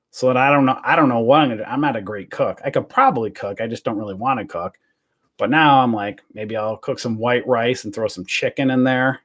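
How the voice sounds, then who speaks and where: A man rambles through a casual livestream from his home, chatty and joking. He keeps asking his viewers rhetorical questions. His voice sits at an ordinary middle pitch. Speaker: livestream host. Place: home, in self-quarantine.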